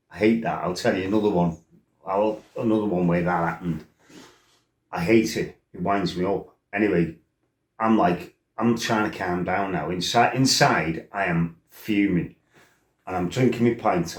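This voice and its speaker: A man tells stories in a casual, rambling way, blunt and quick to swear. His voice sits on the low side. The room around him is roomy and echoey. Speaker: storyteller. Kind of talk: casual storytelling.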